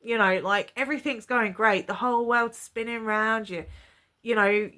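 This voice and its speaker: A woman's voice: fairly high pitch, steady tone, normal speed, sharp tone. A woman, chatting to camera and retelling a personal story with lots of quoted dialogue. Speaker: vlogger.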